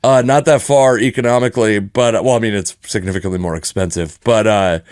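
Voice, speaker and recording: A man's voice: lowish voice, a little fast, darkish tone, no echo, studio quality. A man co-hosting a sports podcast, rambling and joking in casual chat, often restarting his sentences. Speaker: podcast co-host.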